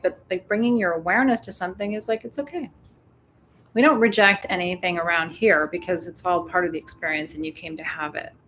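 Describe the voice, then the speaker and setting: A woman's voice: on the low side, a bit bright, slight background noise. A woman hosting a full moon ritual, chatting casually and calling in guides with playful whoops. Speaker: spiritual ritual host. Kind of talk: casual livestream ritual talk.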